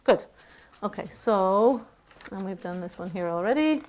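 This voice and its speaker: A woman lecturing a university class in a lively, playful way, often checking in with the students. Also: medium pitch, measured pace.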